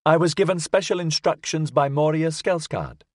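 A man voices a proud male snake robot in a rapid, piping, precise manner. The fairly high voice is pitched above his own but stays close to an everyday voice. The studio sound is clean with no room sound.

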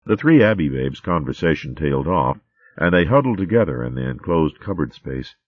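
A man with a very low voice reads a storybook aloud in a steady, even manner. the recording is dry and close, and it sounds slightly muffled. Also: moderate pace, no echo. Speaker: narrator. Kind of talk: audiobook narration.

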